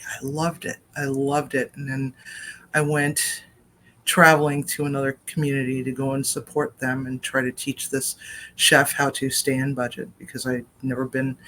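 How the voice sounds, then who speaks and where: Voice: mid-range voice, a bit bright, a little hiss or hum. A chef and cooking vlogger giving a casual personal update from a home kitchen, telling a story with tangents into a laptop webcam.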